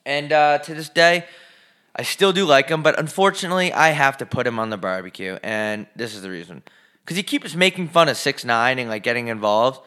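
A man co-hosting a podcast with a bright, forceful voice. He rants in fast, profane bursts and sounds a bit out of breath. He talks casually from his living room. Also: mid-range voice, smooth. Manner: profane, ranting, fast and emphatic. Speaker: podcast co-host.

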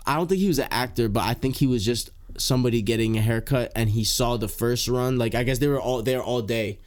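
A young man casually telling a long story, animated and slangy, swearing freely and filling with "like" and "bro". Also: medium pitch, quick pace.

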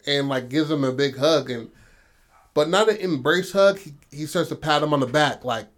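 A man's voice: on the high side, lively intonation, moderate pace. Rambling man telling a story. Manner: rambling, full of "you know what I mean", swears freely. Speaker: podcast co-host. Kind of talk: casual storytelling chat.

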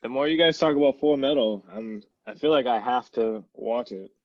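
A man's voice: mid-range voice, normal speed, no room sound. A man chatting casually as a podcast co-host, easygoing with fillers like "um" and "you know". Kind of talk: casual chat. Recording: dull lo-fi sound.

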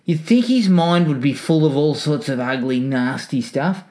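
Male podcast co-host, dry wry critic, somewhat higher voice. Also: normal speed, mellow. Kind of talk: casual film review chat.

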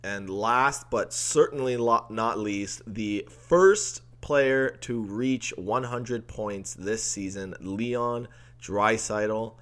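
A man with a fairly low voice talks sports in a relaxed, conversational way. He rolls through game recaps and takes easy, dry shots at his co-host. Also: very slow. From Canada. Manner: easygoing, dry ribbing. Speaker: podcast co-host. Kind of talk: casual sports chat.

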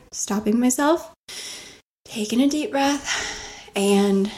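A woman's voice: mid-range voice, darkish tone. A woman hosting a self-help podcast, talking earnestly and coaching her listeners with rhetorical questions, close to the mic. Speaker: podcast host. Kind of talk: motivational self-help talk.

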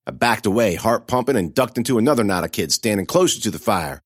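A man reading a first-person horror story in a dramatic, expressive way. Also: fairly low pitch, quick pace, no echo, studio quality.

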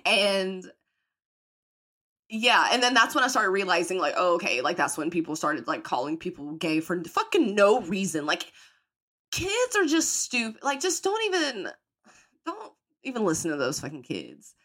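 A young woman hosts her own podcast and talks straight to the listener, candid and full of swearing. Her bright, forward voice jumps all over the place in pitch as she tells a story and slips into the voices of people she quotes. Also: big pitch swings, moderate pace. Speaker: podcast host. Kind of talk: casual storytelling monologue.

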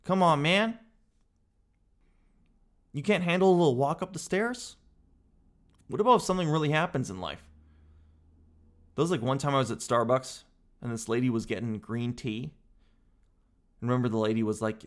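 A man hosting a talk show, delivering a comedic rant that is animated, exasperated and full of casual swearing. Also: mid-range voice, normal speed, long pauses. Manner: animated, exasperated, peppered with "dude".

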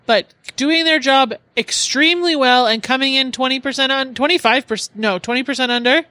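A woman's voice: high voice, brisk, pushed and bright, no echo. A woman co-hosting a podcast in casual chat, blunt and swearing. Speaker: podcast co-host.

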